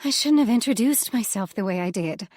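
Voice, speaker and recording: A woman voicing a brash, shameless young female nymph in an audiobook, pleading in quick, self-reproaching outbursts. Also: medium pitch, expressive, a little mellow, dry recording, studio quality, natural voice. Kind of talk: audiobook character voice.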